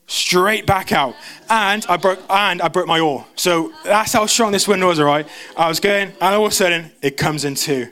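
A young man preaches to a church congregation, telling his stories with animated energy and acting out the voices of the people in them. His voice sits a little on the high side. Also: normal speed. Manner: animated storyteller, jumps into quoted voices. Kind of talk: storytelling sermon. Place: church service.

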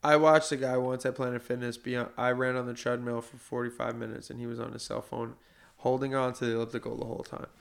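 A man's voice: medium pitch, flat delivery, quick pace, creaky. A man in casual podcast chat, blunt and rambling, swearing freely. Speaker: works with clients.

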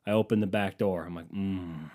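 A man's voice: lowish voice, moderate pace, darkish tone. A man telling a comedic story in a casual, rambling way, sarcastic and full of swearing.

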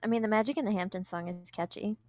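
A young woman guest on a podcast, chatty and quick to giggle as she tells a story. Her voice sits in a middle pitch. The sound is dry and close. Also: darkish tone, no echo. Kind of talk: casual chat.

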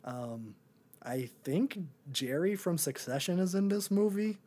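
A man's voice: high-pitched, expressive, a little slow, a little mellow. A young man and podcast co-host in a casual movie review chat, rambling with many ums and likes.

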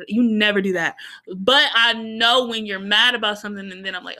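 A woman's voice: medium pitch, fairly quick. A woman in casual chat, talking bluntly and teasingly and acting out quoted lines. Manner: blunt, teasing, animated storytelling with quoted asides.

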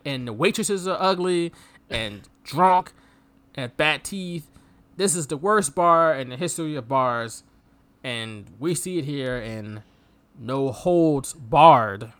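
A man's voice: on the high side, lively intonation, takes it slowly, a bit bright. A man co-hosting a podcast, riffing sarcastically on a movie and laughing often. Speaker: podcast co-host. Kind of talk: casual movie review chat.

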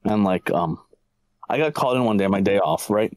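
A man's voice: lowish voice, fairly quick, darkish tone, dry recording, poor audio. A man on a casual podcast, telling a crude work story full of profanity and laughter. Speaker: podcast co-host.

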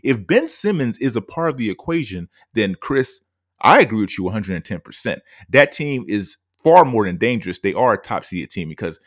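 A man co-hosting a sports podcast, making his points in a measured way with many fillers. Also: fairly low pitch, sing-song, no room sound, studio quality. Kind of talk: casual sports debate.

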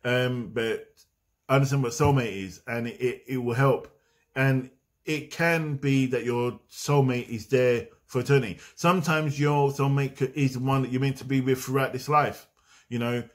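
Brief: man, mid-pitched, loose conversational vlog delivery that wanders off on tangents. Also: steady tone, normal speed. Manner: meandering, conversational, drifting off on tangents. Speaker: spiritual vlogger. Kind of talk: casual spiritual talk to camera.

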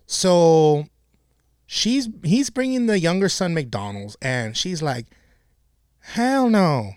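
Man, podcast host, casual swearing chat, lively pitch, slightly high voice, dry close sound. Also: slow, clear, resonant tone, dry recording. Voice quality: animated, acts out quoted voices.

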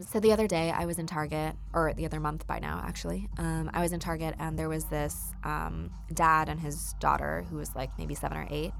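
Hosting her own casual podcast alone, a young woman with a deep, creaky voice tells stories in a chatty, warm manner. Ums come often, and she laughs while recounting things.

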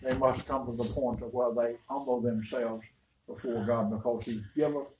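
A man's voice: medium pitch, fairly even intonation, normal speed, a little mellow. An older man, a pastor, preaching a storytelling sermon in a folksy, rambling, emphatic way. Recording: roomy, distant, faint noise.

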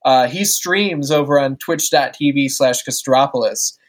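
A man's voice: mid-range voice, a little slow. A man talking as a guest on a podcast, telling stories casually, swearing and laughing easily. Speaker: podcast guest and wrestling-game streamer.

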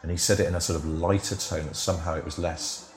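Quick and fairly even in intonation, a low-voiced man who used to edit TV scripts rambles through anecdotes as a podcast guest. His casual interview storytelling is packed with "you know" and "sort of," and the room gives the recording a reverberant quality.

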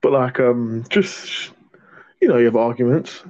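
A man's voice: mid-range voice, lively intonation, unhurried, darkish tone, dry recording, dull audio. A young man co-hosting a casual podcast, jokey and swearing, often restarting his words. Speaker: podcast co-host. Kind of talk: casual chat.

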